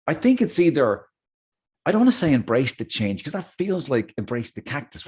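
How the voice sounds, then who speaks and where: A man's voice: mid-range voice, normal speed, slightly rough. A middle-aged man hosting a casual talk, telling a personal story with jokey asides. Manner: animated, jokey asides, chatty. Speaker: host.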